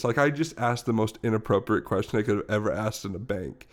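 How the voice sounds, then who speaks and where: A man's voice: on the low side, brisk, few pauses. A young man on a podcast, casually telling a long story with frequent laughs and restarts. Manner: rambling, laughs often while telling a story. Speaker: podcast co-host.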